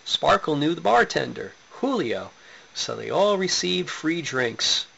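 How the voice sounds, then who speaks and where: Gravelly man reading a story, lo-fi. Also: a little high, very animated, a little slow, pushed and bright. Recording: dull lo-fi recording.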